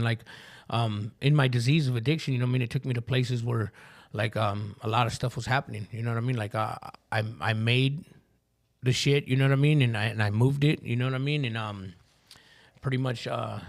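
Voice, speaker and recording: Fast-talking gravelly man, street slang. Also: medium pitch. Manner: streetwise slang, frequent swearing, rambling asides. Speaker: podcast guest. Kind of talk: personal recovery story in casual talk.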